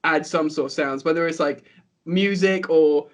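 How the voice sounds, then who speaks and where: Guest with a fairly high voice on a call: chatty, rambling, full of "like" and "you know". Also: male voice, normal speed. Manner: rambling, animated, many fillers. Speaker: podcast guest. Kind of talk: casual online football chat.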